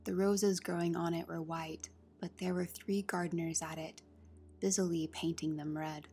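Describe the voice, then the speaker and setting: Woman narrating a fairy tale, lowish, a little gravelly, quiet music behind. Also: steady tone, normal speed. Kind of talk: storybook reading. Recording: soft music under the reading.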